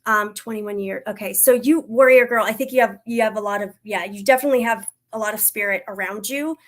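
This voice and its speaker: A woman working as a psychic medium, doing a livestream reading and Q&A, talking in a soft, reassuring way with frequent pauses, fillers and restarts. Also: medium pitch. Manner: hesitant, halting, many fillers and restarts.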